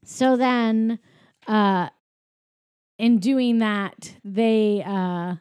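A woman in her thirties casually recapping a movie plot, jumping into quick character voices as she retells scenes. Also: medium pitch, smooth, dry recording. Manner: animated, acts out characters' lines in quick voices.

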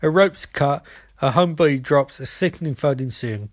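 A man reading a screenplay aloud, stage directions included, with frequent slips. His voice sits a little high. The recording is dry, with no room sound. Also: normal speed, no echo. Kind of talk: screenplay read-through.

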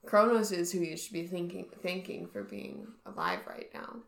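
A young woman chatting casually about a book as a podcast co-host, soft and agreeable. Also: fairly low pitch, big pitch swings, moderate pace, creaky, slight background noise. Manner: soft, agreeable, often answers with short yeahs. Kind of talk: casual chat. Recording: echoey room.

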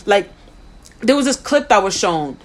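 A woman's voice: medium pitch, big pitch swings, unhurried. A young woman giving a personal talk, earnest and thinking aloud, often restarting her sentences. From United States. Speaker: speaker sharing a personal view.

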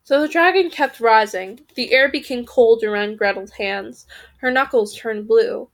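A woman with a slightly high voice reads a storybook aloud for her podcast. She keeps the telling lively and now and then trips over a word, corrects it and goes on. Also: a little slow. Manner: lively, occasionally stumbling and correcting herself. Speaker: podcast reader.

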